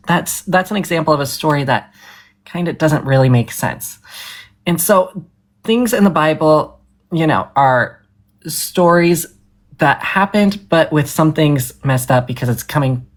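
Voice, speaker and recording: A woman with a very low, gravelly voice hosts a live debate with callers. She lectures earnestly and insistently, her pitch swinging widely as she presses her points. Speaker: livestream debate host.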